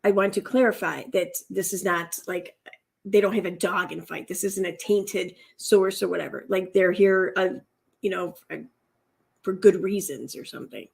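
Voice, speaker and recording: A woman's voice: on the low side, moderate pace, gravelly, husky. A woman commentating casually on a clip, musing with sarcasm and many fillers.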